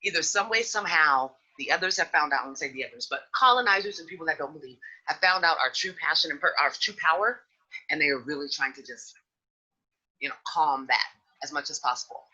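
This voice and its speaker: A woman hosting a podcast in casual chat, outspoken and frank, with an animated delivery. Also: deep voice, brisk, slightly rough, muffled recording. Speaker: podcast host.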